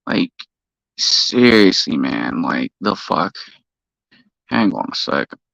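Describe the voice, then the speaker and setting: A man hosting a live stream, ranting heatedly and profanely while shouting out viewers in the chat. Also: low voice, big pitch swings, takes it slowly, gravelly, no room sound, highs cut off.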